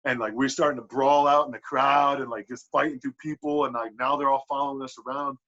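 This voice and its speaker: A man on a podcast telling a wrestling story in casual, animated talk, swearing a lot and filling with "like". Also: mid-range voice, fairly quick. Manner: animated, profane, lots of "like" fillers. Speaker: podcast guest, pro wrestler. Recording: dull lo-fi podcast audio.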